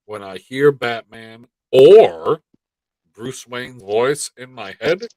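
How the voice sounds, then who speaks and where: A man's voice: mid-range voice, expressive, takes it slowly, dark tone, dry recording, low-quality recording. Profane, rambling man on a live stream. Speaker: podcast co-host. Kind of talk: casual live-stream chat.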